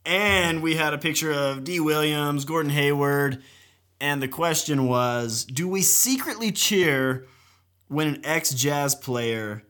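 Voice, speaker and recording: A man co-hosting a casual sports podcast, joking in a dry, deadpan way. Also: on the high side, slow. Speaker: podcast co-host.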